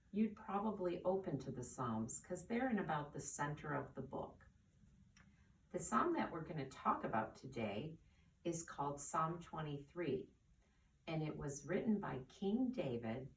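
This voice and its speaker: A woman teaching young children at church, speaking gently and asking them questions. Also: low voice, slight background noise. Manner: slow, soft and coaxing, asks the children questions. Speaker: children's catechist. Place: church classroom. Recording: roomy, distant camera audio.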